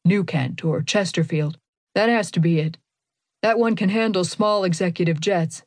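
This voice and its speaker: A woman's voice: on the low side, no echo, natural voice. A furious, bloodied priest who swears and barks out urgent demands, as a woman narrator voices him. The voice sounds dry and close, with no room sound behind it. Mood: demanding. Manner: shouting, cursing, hurried.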